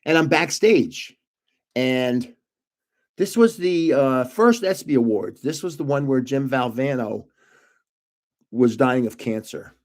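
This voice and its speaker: Older male host, casual rambling storyteller, mid-pitched voice. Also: takes it slowly, long pauses. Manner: rambling anecdotal, chuckles at own jokes. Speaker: channel host.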